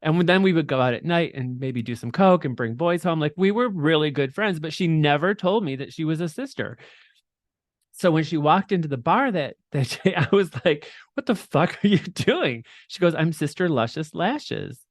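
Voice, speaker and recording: A man's voice: a little high, lively intonation, moderate pace, no room sound, clean studio sound. A middle-aged man as an interview guest, telling his story candidly and with animation, laughing often and swearing freely.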